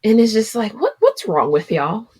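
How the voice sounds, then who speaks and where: A woman co-hosting a podcast in casual chat, animated and full of "like" fillers. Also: fairly high pitch, normal speed, slightly rough. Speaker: podcast co-host.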